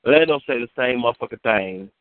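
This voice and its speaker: A man's voice: medium pitch, lively intonation, fairly quick, dry recording. A man on a community call telling a long rambling story in casual, profane slang, repeating himself as he goes. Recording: tinny phone-like line, dry.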